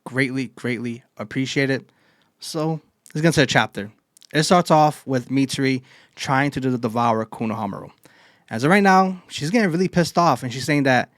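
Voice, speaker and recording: Casual male podcast host, mid-pitch, dry close sound, enthused and profane. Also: normal speed, no echo. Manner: excited, swears freely, retells scenes in quotes. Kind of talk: casual anime chapter recap.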